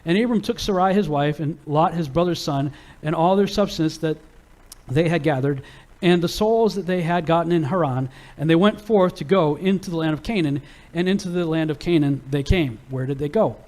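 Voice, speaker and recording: A man teaching a Bible lesson to a live audience, casual and animated, acting out the people in his stories. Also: a little high, moderate pace. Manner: casual and animated, acts out quoted characters.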